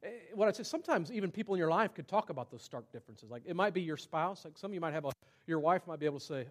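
Male pastor, fairly high-pitched, conversational sermon delivery with emphatic swells and soft asides. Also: expressive, racing. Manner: conversational preaching, rising to emphatic peaks and dropping to hushed asides.

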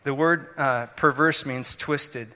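A man preaching with a bright, cutting voice, working through scripture with earnest explanations and frequent restarts. His words ring out in a long, hanging reverb. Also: medium pitch, steady tone, slow. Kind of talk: sermon.

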